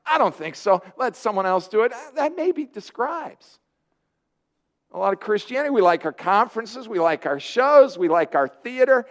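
A man preaching a sermon, lively and earnest, often acting out the voices of people he quotes. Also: high voice. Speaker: pastor.

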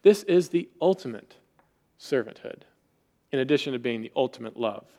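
A man preaching a sermon in an animated way, acting out quoted voices with rising emphasis. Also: medium pitch, normal speed. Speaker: pastor.

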